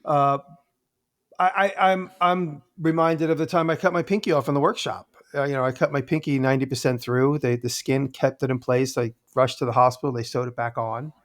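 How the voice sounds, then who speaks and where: A man who works as a woodworker, a guest in a casual podcast chat, telling stories in an animated way. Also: medium pitch, a little fast. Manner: animated storyteller acting out voices.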